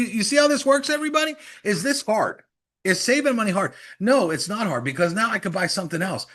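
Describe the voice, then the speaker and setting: A middle-aged man giving a lively, persuasive sales training talk on a call, acting out quick mock conversations to make his point. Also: on the high side. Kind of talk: motivational sales pitch on a call.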